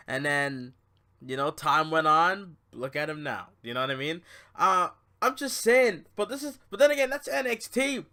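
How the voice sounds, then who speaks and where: A young man giving a casual, animated review of a wrestling show, swinging between low muttering and loud, swearing outbursts. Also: normal speed.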